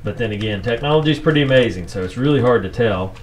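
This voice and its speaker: A man's voice: mid-range voice, lively intonation, fast. A man co-hosting a podcast in casual, joking chat, easily amused. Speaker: podcast co-host.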